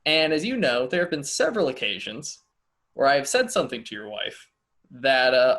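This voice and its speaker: A man's voice: mid-range voice, very animated, moderate pace, fairly bright tone. A man interviewing a friend, chatting casually with frequent fillers.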